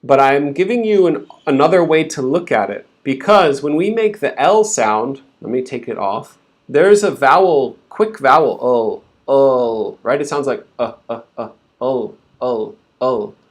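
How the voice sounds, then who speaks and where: A man's voice: a little high, expressive, moderate pace. A man teaching English pronunciation in a live stream, patiently breaking words into sounds and repeating them for learners to copy.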